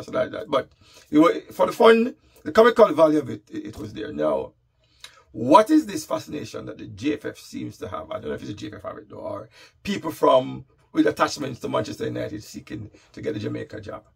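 A man hosting a casual football commentary monologue, wry and animated. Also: medium pitch, creaky, husky. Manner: wry, animated, reads out lists.

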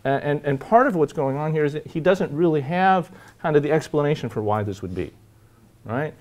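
A man's voice: fairly high pitch, lively intonation. A man giving a university lecture, thinking aloud with frequent fillers, restarts and "right?" checks. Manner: halting, many fillers and restarts; reads quoted passages slowly.

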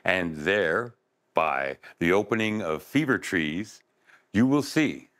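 A man's voice: low-pitched, lively intonation, slow pace, a bit bright, exaggerated voice. A man voicing a wise, helpful bird giving directions in a told story. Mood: advising.

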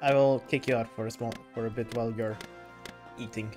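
A woman's voice: extremely low pitch, fairly even intonation, brisk, over music. A woman streaming a game, giggly and hyper, chatting playfully with her teammates. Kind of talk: casual gaming stream chat.

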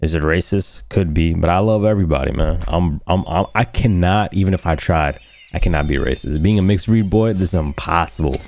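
A man's voice: deep voice, a little fast, darkish tone. A man giving casual, joking commentary while playing a game, trash-talking enemies in slang. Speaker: let's play gamer. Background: game music and gunfire.

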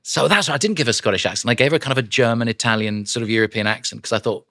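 A man, an audiobook narrator and voice actor, chatting as a guest in a studio interview and telling animated stories with quick character voices. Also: medium pitch, no echo. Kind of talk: casual studio interview chat. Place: podcast studio. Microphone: studio microphone.

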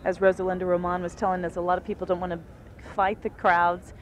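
A woman's voice: fairly low pitch, level tone, fast, a little hiss or hum. A woman co-anchoring live outdoor TV coverage of an event, conversational and informative. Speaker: TV news anchor. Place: outdoors at a festival field.

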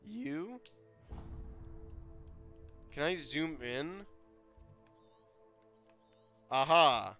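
Excitable swearing gamer guy. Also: a little high, very slow, creaky, long pauses, faint music behind. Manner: excitable, swears, laughs often, sudden loud outbursts. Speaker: gamer playing a video game. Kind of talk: casual gameplay commentary.

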